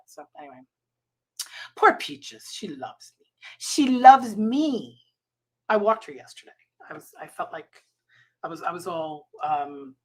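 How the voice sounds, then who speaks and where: A woman's voice: mid-range voice, sharp tone. A woman in her forties chatting casually on a home livestream as a product consultant, rambling and laughing often. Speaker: Scentsy consultant and channel host.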